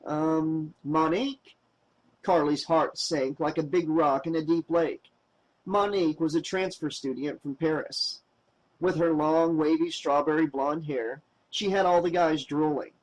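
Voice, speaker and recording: A man reading a novel aloud as an audiobook narrator, with expressive, wry storytelling. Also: a little high, unhurried, low-quality recording.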